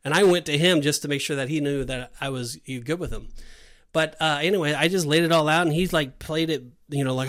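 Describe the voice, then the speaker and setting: A man's voice: a little high, brisk. A middle-aged man on a podcast, telling a story in casual chat and acting out the dialogue. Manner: animated storyteller, acts out dialogue. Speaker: podcast co-host.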